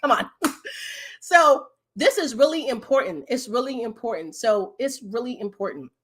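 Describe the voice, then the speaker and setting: A woman's voice: fairly high pitch, animated, moderate pace, breathy edge. A woman business coach hosting a live stream, chatting casually and animatedly with her viewers and laughing often.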